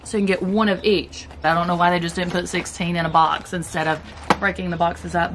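Chatty southern woman vlogger, lowish voice, laid-back snack review, a little hiss behind. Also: flat delivery, fairly quick. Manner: chatty, laid-back, talks while chewing. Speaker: keto vlogger. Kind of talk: casual chat, food review.

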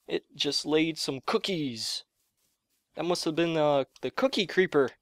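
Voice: mid-range voice, unhurried, dry recording. A gamer giving let's play commentary while thinking aloud, gasping and yelping whenever something surprising happens.

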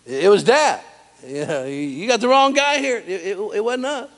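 A man's voice: high voice, animated, moderate pace, long reverb tail, pitched above the performer's own voice. A man doing flustered stammering sons. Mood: protesting. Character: protesting young sons, flustered.

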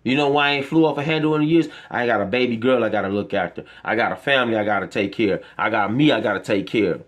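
A man's voice: fairly low pitch, racing, few pauses. Impassioned ranting man. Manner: impassioned, profane, preachy ranting. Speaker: vlogger. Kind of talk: emotional monologue to camera.

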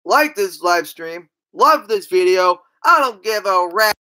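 A woman's voice: mid-range voice, lively intonation, unhurried, pushed and bright. A woman telling comedy stories in a rambling, stumbling way, with crude, brash asides. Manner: rambling, stumbling storytelling with restarts. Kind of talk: stand-up style comedy bits.

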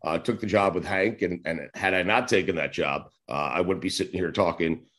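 Guest spot: deep-ish man in his forties from New York, loose rambling anecdotes, casual cursing. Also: a little fast, a bit bright. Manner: rambling, acts out old conversations, swears casually. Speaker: sports radio host, podcast guest. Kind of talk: casual interview storytelling.

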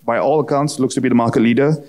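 A man's voice: mid-range voice, steady tone, quick pace, a little mellow. A man moderating a conference panel, polished and upbeat with a few fillers.

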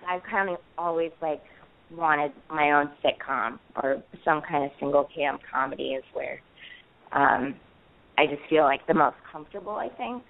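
A woman's voice: deep voice, normal speed, creaky. A chatty woman in her thirties, talking loosely and playfully with plenty of fillers and restarts. She sounds tinny and narrow, as if she is coming through a phone line. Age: 30s. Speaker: actress guest. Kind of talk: casual interview chat.

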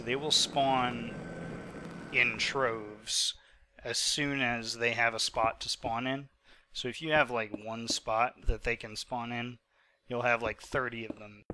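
A man's voice: medium pitch, background noise. A man of twenty-five, sick and hiccuping, giving rambling, chatty commentary over his own gameplay footage with many fillers. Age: 20s. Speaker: gaming channel host. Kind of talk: casual post-recorded gameplay commentary.

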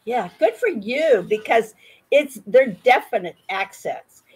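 A woman's voice: a little high, animated, slow pace, slightly rough, poor audio. A woman in her sixties from Virginia, with an American accent, chatting as an English tutor on a video call and often repeating words as she starts. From Virginia, United States. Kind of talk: casual conversation lesson.

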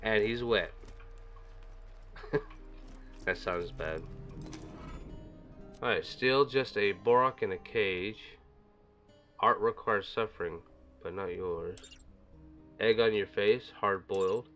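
A man's voice: on the low side, takes it slowly, long pauses, fairly bright tone. A man casually commenting on his own gameplay in a rambling, chatty way, with his microphone set a little way off. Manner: chatty, rambling, talks to himself. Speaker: gaming video creator. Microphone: desk microphone set a little far away. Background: game music.

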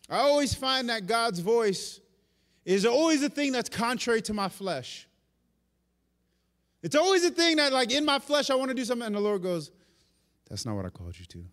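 A man preaches in a church sanctuary, his fairly high voice carrying into a long, echoing reverb. He is animated, pressing hard on some points and dropping to a near hush on others. It sounds like a live service through a stage microphone. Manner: animated preaching, shifting between loud and hushed delivery. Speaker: pastor. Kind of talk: sermon.

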